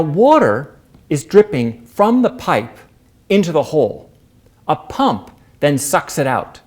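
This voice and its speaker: A man performing a staged storytelling monologue as a performance artist, expressive, with wide swings in pitch and pace. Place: performance space.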